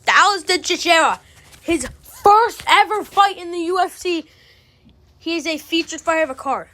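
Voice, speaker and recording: High-voiced exasperated woman ranting. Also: expressive, moderate pace, fairly bright tone. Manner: exasperated, profane, slangy. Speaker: MMA commentary channel host. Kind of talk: casual ranting commentary.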